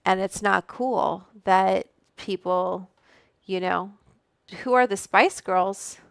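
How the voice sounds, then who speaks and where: Slow, smooth-voiced woman rambling on a stream. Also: medium pitch, dry recording, clean studio sound. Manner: rambling, chatty, reads out viewer names and swears freely. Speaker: livestream host. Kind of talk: casual livestream chat. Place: room at home. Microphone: studio microphone.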